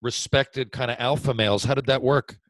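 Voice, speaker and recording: Male host, relaxed interviewer, dry close sound. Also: mid-range voice, brisk, no room sound. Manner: relaxed, laughs along, asks follow-up questions. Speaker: podcast host. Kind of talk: casual interview chat.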